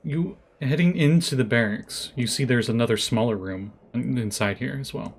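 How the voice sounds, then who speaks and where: A man narrating as game master for a tabletop game, describing rooms with relaxed fillers. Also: mid-range voice, moderate pace, husky.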